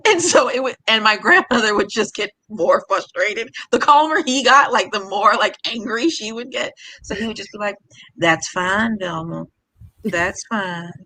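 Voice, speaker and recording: A woman guest in a casual live-stream chat over a video call, chatty and quick to laugh. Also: fairly high pitch, expressive, pushed and bright, dry recording, poor audio.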